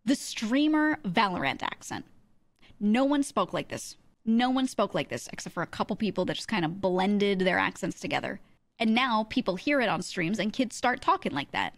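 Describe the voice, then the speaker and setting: A woman's voice: mid-range voice, big pitch swings, a little fast, no echo. A woman streamer chatting casually with her viewers, rambling and thinking aloud with fillers and restarts.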